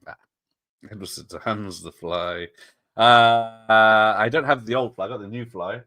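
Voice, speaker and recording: Man, bright voice, lowish, casual chat, laughs a lot. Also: moderate pace. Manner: chatty, laughs often, answers chat. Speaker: watch party streamer. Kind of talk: casual live commentary.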